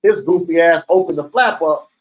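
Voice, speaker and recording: Swearing freely and tossing in "right?" again and again, a man tells prison stories in a casual, streetwise way. His pitch is fairly high, his speed normal, and the audio poor.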